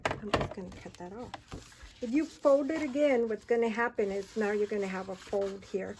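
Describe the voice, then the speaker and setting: A woman's voice: mid-range voice, moderate pace. A woman hosting a casual paper-craft tutorial, chatting and counting aloud as she folds and cuts, recorded with noise and handling clicks. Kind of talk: casual hands-on craft demonstration.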